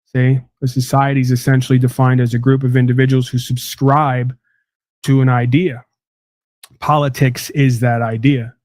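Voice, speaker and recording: A man's voice: medium pitch, flat delivery, normal speed, darkish tone, dry recording. Man, livestream host, rambling lecture, fillers, dry close sound.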